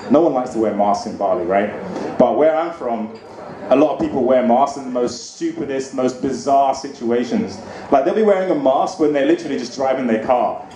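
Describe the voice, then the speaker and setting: A man doing a stand-up comedy set, animated and conversational, on a club stage with a handheld mic. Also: medium pitch, brisk. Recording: echoey club with background noise.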